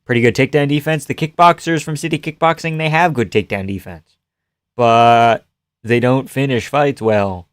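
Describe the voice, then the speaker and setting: A man streaming live fight reactions, chatting casually and swearing as he answers chat, breaking into loud yells at the big moments. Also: mid-range voice, moderate pace, clear, resonant tone, dry recording, clean studio sound.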